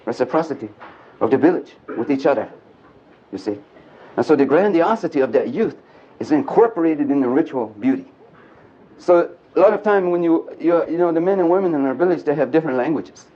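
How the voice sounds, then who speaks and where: A man giving an animated storytelling lecture to a live audience at a men's gathering, joking and speaking bluntly. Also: fairly high pitch, a little fast. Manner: animated and earthy, mixing jokes and blunt language. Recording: dull lo-fi archive tape.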